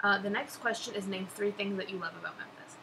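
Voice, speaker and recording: A woman's voice: medium pitch, quick pace, gravelly, pushed and bright, poor audio. A young woman chatting casually on her vlog, answering follower questions in a gushing, laughing way. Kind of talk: casual chat. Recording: background noise.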